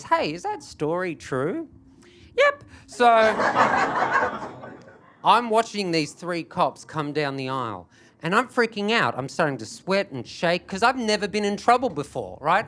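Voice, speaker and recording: Male stand-up, bright and forceful tone, self-mocking, animated delivery, live stage. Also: high voice, normal speed, slight background noise. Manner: animated, self-mocking, building to frantic yelps. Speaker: stand-up comedian. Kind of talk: stand-up storytelling.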